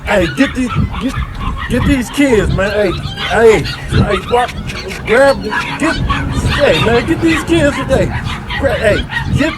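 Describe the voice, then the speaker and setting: A comedian voicing swaggering, streetwise male animals, talking in loud, slangy banter over audience laughter. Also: very high voice, lively intonation, slow pace, a loud crowd, exaggerated voice, poor audio. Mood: exasperated.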